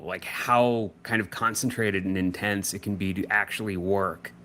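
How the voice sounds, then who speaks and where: A man's voice: sits low, fairly even intonation, normal speed, bright, forceful tone, a little hiss or hum. A man co-hosting a casual panel chat about conventions, rambling with many restarts and repeated words. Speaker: podcast co-host, editor.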